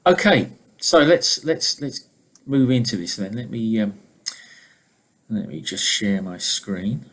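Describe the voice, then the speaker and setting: Low-voiced man giving a relaxed webinar talk. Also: slow. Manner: relaxed, conversational storytelling. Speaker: leadership trainer and coach. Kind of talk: informal webinar presentation. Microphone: video call.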